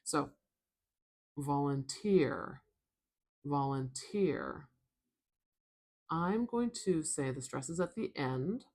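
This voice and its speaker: A woman with a North American accent walks through a word's sounds in a soft-spoken phonetics lesson. Her voice sits low and she takes her time, repeating each syllable patiently. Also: animated, unhurried, hardly any pauses. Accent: North American English. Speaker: pronunciation teacher.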